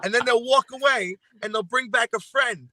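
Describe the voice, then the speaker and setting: Animated New York man, bright voice. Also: extremely high pitch, normal speed. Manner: animated storyteller, many fillers and restarts. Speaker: guest singer. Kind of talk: casual chat.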